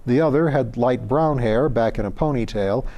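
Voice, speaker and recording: A man reading a story aloud as narrator, in a measured and expressive way. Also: mid-range voice.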